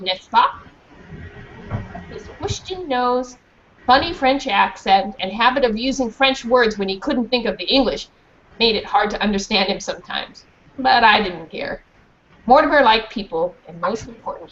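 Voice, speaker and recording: A woman's voice: mid-range voice, expressive, normal speed, a bit bright. A woman reading a children's storybook aloud in a classroom, stopping to ask the children questions and check that they understand. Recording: dull muffled recording with faint hiss.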